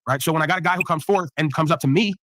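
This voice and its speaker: A man lecturing a panel in a preachy, forceful way, laced with swearing. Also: fairly high pitch, rapid-fire, background noise. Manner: forceful, sermonizing, profane. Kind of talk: preachy commentary.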